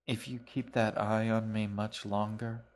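A man voicing a cold, menacing man who speaks in a quiet, flat monotone. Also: fairly low pitch, a little slow, lightly acted. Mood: quiet menace.

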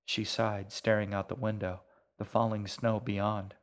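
A man reading his own serialized novel aloud, in a quiet, measured storytelling manner. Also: fairly low pitch, little pitch movement, clean tone. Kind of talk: audiobook narration.

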